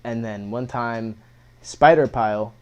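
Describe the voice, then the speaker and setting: A young man chats casually as a guest on an interview podcast. He tells his stories in loose slang, swears often, and acts out old conversations with lively energy. His voice sits at a middle pitch. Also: a little slow, clear, resonant tone, dull audio. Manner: laid-back slangy storytelling, swearing, animated retellings. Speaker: guest musician.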